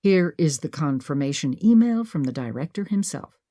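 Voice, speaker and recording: A woman's voice: deep voice, expressive, normal speed, dark tone, dry recording, clean studio sound. A woman narrator voicing a bold, pushy young woman who talks insistently. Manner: insistent, bossy.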